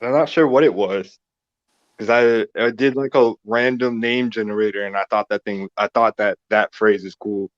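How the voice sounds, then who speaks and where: A man's voice: on the low side, fairly even intonation, normal speed, no echo. A man joining a podcast as a returning guest, chatting playfully and laughing between remarks. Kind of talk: casual call-in chat. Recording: dull, dry remote call audio.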